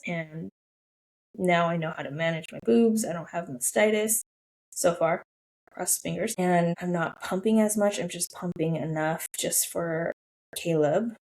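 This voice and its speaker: A woman in her thirties hosts a solo podcast, recounting a personal story in a casual, emotional, gushing way and saying "I was like" a lot. Her voice is fairly low, somewhat slow, and darkish in tone. The audio quality is poor.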